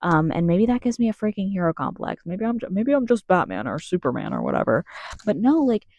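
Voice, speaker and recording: A woman's voice: lowish voice, very animated, a little fast, a little mellow, no echo, muffled recording. A young American woman ranting angrily in a vlog, swearing and restarting her sentences, recorded in her closet. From United States. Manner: angry, swearing, rambling with many restarts.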